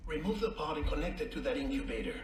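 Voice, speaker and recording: A man's voice: fairly high pitch, lively intonation, quick pace, lightly acted. An actor playing a clinical, detached male doctor in a video game, speaking in a matter-of-fact way.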